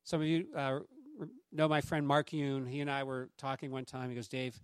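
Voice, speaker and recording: Conversational pastor with a dry close sound. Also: male voice, mid-range voice, normal speed, clear, resonant tone, no room sound. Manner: conversational and anecdotal, with asides to the congregation; acts out quoted voices in lively raised tones. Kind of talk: sermon.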